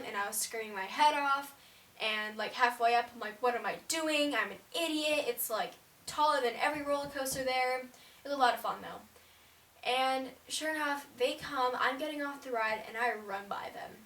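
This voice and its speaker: Teen girl, high voice, rambling casual story, roomy sound, away from the mic. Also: fairly bright tone, far from the mic. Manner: chatty, rambling, fillers of "like". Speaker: vlogger.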